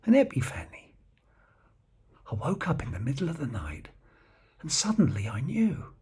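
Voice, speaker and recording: A man voicing a working-class bloke who confides in hushed tones, speaking. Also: mid-range voice, huge pitch swings, normal speed, slightly rough, heavily acted. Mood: confiding.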